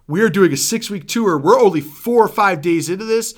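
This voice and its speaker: A man telling a story in casual chat, acting out quotes, swearing freely and trailing off into quiet mumbles. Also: high-pitched, lively intonation, moderate pace. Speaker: former band member, guest.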